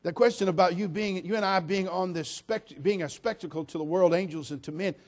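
Preacher, male, high-pitched, sermon delivery with humorous asides and loud appeals. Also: a little fast. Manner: swings from quiet asides to shouted appeals; humorous storytelling, repeats "listen to me".

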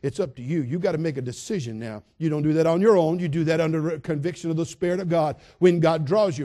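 A male pastor delivering an emphatic, repetitive sermon, dropping soft and then building loud. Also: fairly high pitch, fast talker, few pauses.

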